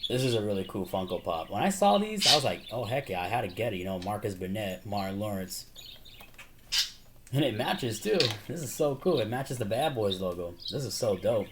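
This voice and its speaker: A man casually chatting to camera about his movie collection, excitedly rambling through favorite scenes. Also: fairly low pitch, a little fast. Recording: noisy home recording with birds chirping behind.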